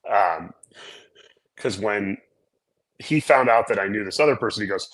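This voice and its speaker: A middle-aged man with a fairly low voice spins a story in casual conversation. He keeps checking in with "right?" and throws himself into the quoted lines. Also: normal speed, pauses often, poor audio. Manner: animated storyteller acting out quotes, frequent "right?". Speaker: podcast co-host, former naval aviator.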